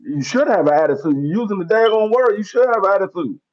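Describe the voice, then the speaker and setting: A man's voice: high-pitched, lively intonation, fast talker. Blunt co-host man, slightly dull sound. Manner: blunt, matter-of-fact opinions. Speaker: podcast co-host. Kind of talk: casual podcast chat.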